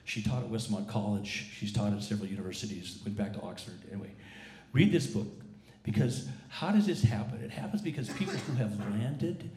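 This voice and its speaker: Pastor, male, voice gone rough after illness, lowish and mellow, chatty sermon delivery in a reverberant church. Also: fairly quick. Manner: conversational, with frequent restarts and repeated words. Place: church service. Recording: echoey church sanctuary.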